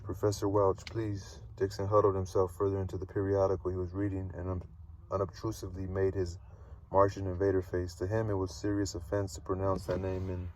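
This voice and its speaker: A man reading a novel aloud, steady but stumbling and repeating words now and then. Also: low-pitched, recorded from a distance, a little hiss or hum, rough recording. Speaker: read-aloud narrator.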